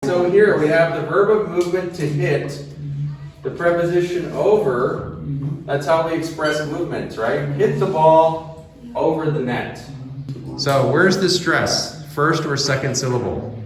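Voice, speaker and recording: A man hosting a travel vlog, interviewing a staff member and teaching an English class in a relaxed, friendly way. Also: a little high, unhurried, echoey room, poor audio. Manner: relaxed, friendly questioning with short backchannels.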